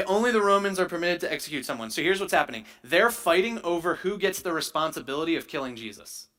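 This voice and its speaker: Bright-voiced man preaching a sermon. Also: fairly high pitch. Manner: conversational teaching with frequent "right?" check-ins. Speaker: pastor.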